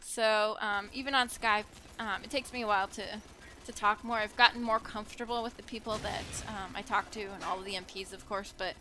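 A young woman recording casual gameplay commentary at home, soft-spoken and hesitant, filling pauses with ums and little giggles. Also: mid-range voice, fairly even intonation, slight background noise, rough recording. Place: at home with her children nearby.

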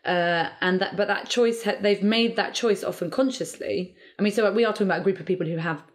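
A woman's voice: mid-range voice, fast. A woman comedian, talking animatedly in a podcast interview and slipping into quoted voices. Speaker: comedian guest.

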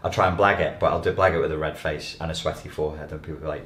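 A man giving an animated, emphatic lecture to an audience as a life coach. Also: rumbling low, fast talker, hardly any pauses. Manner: animated, emphatic, acts out quoted voices. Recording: echoey room.

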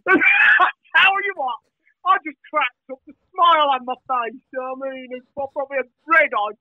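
A middle-aged Birmingham man, very high-pitched for a man, talks as a guest in a rambling, hyper flow, swearing freely. His voice comes through a tinny, phone-like line. The sound is dry and close, with no room around it. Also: dry recording. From England. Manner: hyper, rambling, swears a lot, frequent laughs. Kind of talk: casual storytelling chat.

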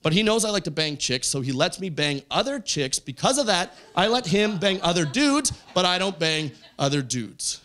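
A man doing a stand-up set on a club stage, telling a story with lively character voices. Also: high-pitched, moderate pace, few pauses. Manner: animated storytelling, acts out characters. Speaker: stand-up comedian. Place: comedy club stage with audience.

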